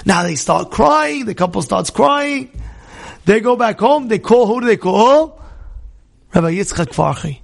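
A man's voice: sits high, expressive, normal speed, vocal fry. A man teaching a religious class, telling a story conversationally, repeating himself and quizzing his listeners.

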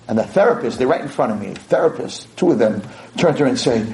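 A man's voice: medium pitch, expressive, fast talker, darkish tone, slight background noise, poor audio. A male rabbi delivering a dramatic storytelling sermon, emotional and vivid.

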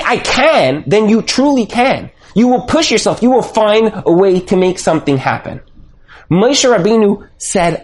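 A man's voice: sits high, a little mellow. A man teaching a Torah class in an emphatic preaching style, full of rhetorical questions. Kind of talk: sermon.

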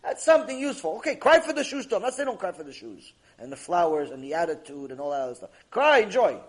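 A man giving a mussar lesson on Jewish ethics, animated and acting out little dialogues, reading Hebrew passages quickly. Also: high voice. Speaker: Torah teacher. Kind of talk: mussar lecture.

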